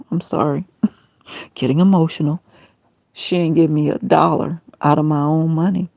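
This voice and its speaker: A woman's voice: low voice, creaky, breathy edge, no echo, lo-fi sound. A woman talking on her own livestream in a rambling, aggrieved, emotional monologue. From Tampa, Florida area. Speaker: livestream host.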